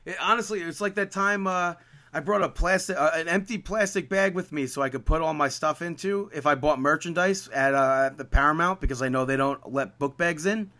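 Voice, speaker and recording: A man's voice: a little high, a little fast. A man telling a story on a podcast, acting out each exchange as he gets more and more exasperated. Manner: animated, exasperated retelling with quoted dialogue. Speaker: podcast co-host. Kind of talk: casual chat, storytelling.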